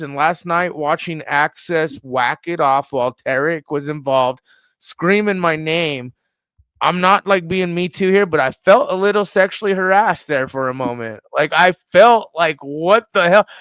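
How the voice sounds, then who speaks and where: A man's voice: on the high side, unhurried, fairly bright tone, clear, resonant tone, no echo. A man appearing as a guest on a livestream, angrily denying accusations in profane, rambling talk. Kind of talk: heated livestream commentary.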